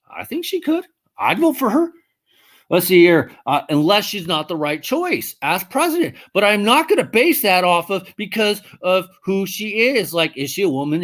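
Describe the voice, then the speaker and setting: A livestream host chats loosely with viewers' comments, blunt and cursing, wandering off and correcting themself while thinking out loud. Their pitch jumps sharply when they get worked up, and the voice has a slightly bright tone.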